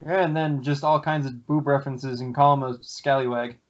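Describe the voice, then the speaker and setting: A man's voice: mid-range voice, steady tone, a little fast. A man co-hosting a podcast, trading teasing jokes with plenty of swearing. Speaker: podcast co-host. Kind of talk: casual podcast banter. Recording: dull lo-fi podcast audio.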